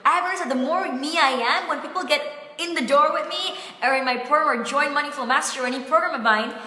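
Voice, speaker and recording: A woman's voice: sits high, fast, bright, forceful tone. A woman business coach talking in a live-streamed coaching session, effusive and heartfelt, close to tears, with "like" sprinkled through her talk. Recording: echoey room with long reverb.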